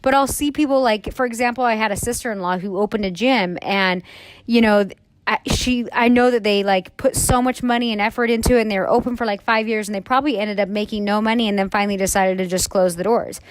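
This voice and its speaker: A woman in her thirties talks candidly in a casual podcast chat, rambling through her thoughts with plenty of fillers. Her voice sits at an ordinary middle pitch, recorded dry and close with no room sound. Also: fairly even intonation, quick pace, no room sound. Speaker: podcast co-host, salon owner.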